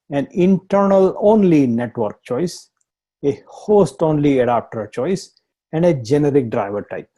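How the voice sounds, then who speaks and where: A man's voice: fairly high pitch, warm tone. A man with an Indian accent teaching a live online tech lesson, explaining step by step, repeating points and laughing at himself. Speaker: instructor.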